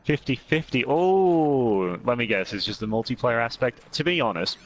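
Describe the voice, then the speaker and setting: A man's voice: medium pitch, expressive, normal speed, highs cut off, a little hiss or hum. An Australian man co-hosting a game stream, chatting and reading out viewer comments with jokes. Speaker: stream co-host and chat moderator. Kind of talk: casual gaming stream chat.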